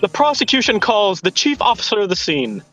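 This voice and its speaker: A man voicing a cool, arrogant male prosecutor in a fan dub of a game, speaking in measured, confident pronouncements. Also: sits high, very animated, fairly bright tone, faint music behind. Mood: smug. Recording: dull lo-fi sound.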